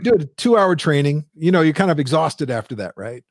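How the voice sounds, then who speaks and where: A man in his fifties, a business founder telling a lively story as an interview guest, acting out the quotes. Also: a little fast, dry recording, clean studio sound. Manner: animated storyteller, acts out quotes in a high squeal.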